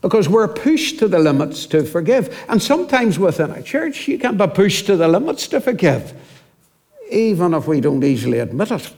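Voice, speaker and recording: A man preaching a sermon as a minister, reflective and slowing down to stress scripture, at times dropping to a hushed voice. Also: sits high, sing-song, gravelly.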